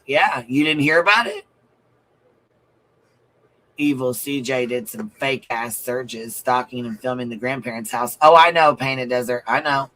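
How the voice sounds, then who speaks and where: A man's voice: medium pitch, measured pace, bright, forceful tone, low-quality recording. Blunt, profane male stream commentator. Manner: blunt, profane and emphatic, repeating phrases. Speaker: livestream commentator. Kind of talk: livestream commentary reading viewer comments.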